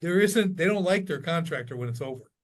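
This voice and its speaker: A man coaching tradespeople tells stories in a relaxed interview, with a somewhat high voice. He gets animated, acting out what his clients say. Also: brisk. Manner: animated storyteller, acts out quoted lines. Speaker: business coach for contractors. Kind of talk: casual podcast interview.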